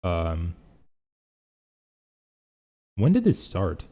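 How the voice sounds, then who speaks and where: A man's voice: sits low, huge pitch swings, drawn-out words, dark tone. A young man hosting a casual live reaction stream, rambling and thinking aloud as he reads chat.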